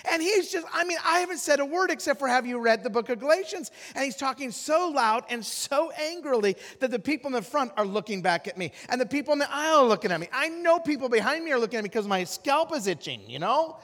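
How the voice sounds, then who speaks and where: Guest preacher, male, high voice, animated storyteller, big church reverb. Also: fast talker. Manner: animated, acts out loud voices in anecdotes, frequent restarts. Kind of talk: sermon storytelling. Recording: long hall reverb.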